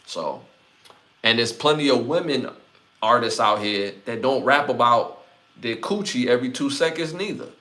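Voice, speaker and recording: A man with a Brooklyn accent hosting a casual live podcast, reading out chat comments and giving shout-outs in a laid-back way. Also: mid-range voice, expressive, moderate pace. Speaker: podcast host.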